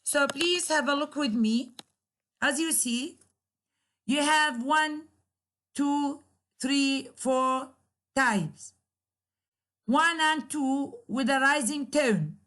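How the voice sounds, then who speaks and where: Slow, high-voiced woman lecturing. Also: a bit bright. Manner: slow, repetitive explaining with examples. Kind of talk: recorded English grammar lecture.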